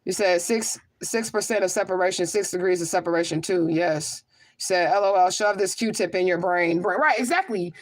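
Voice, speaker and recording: Her pitch is fairly low and her pace moderate. This livestream host and spiritual medium reads viewers' comments aloud in a casual stream and answers them emphatically and rhetorically, with frequent "okay?"s.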